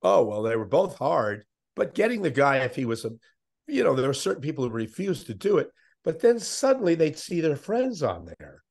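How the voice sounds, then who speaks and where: An older man, a veteran sports interviewer, telling animated anecdotes as a podcast guest. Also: on the high side, brisk, vocal fry. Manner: animated anecdotes, puts on voices of others. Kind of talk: conversational storytelling.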